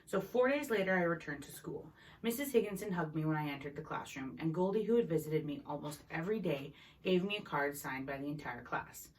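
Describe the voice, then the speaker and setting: A woman's voice: low-pitched, animated, brisk. A woman reading a novel chapter aloud in an unpolished way, with small slips and restarts. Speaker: reader. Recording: voice a bit distant from the mic.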